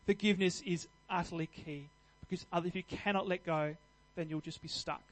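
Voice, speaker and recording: Earnest high-voiced male preacher. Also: fairly even intonation, fairly quick, rough recording. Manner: earnest, conversational, with restarts and fillers; builds to louder emphatic passages. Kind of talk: sermon.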